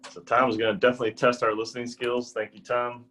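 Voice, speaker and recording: A man's voice: mid-range voice, level tone, fast talker, pushed and bright, a little hiss or hum, rough recording. A man chairing an online speaking club meeting, courteously introducing each speaker over a video call.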